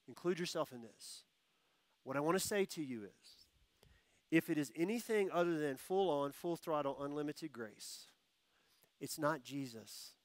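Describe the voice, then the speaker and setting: A male pastor preaching a sermon, telling stories with animated quoted voices and repeating key phrases for emphasis. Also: on the high side, dry recording. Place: church.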